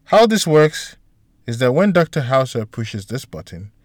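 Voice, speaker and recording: A man's voice: medium pitch, big pitch swings, unhurried, no echo, clean studio sound. A man voicing a confident, experienced male doctor who talks in a matter-of-fact, soothing way.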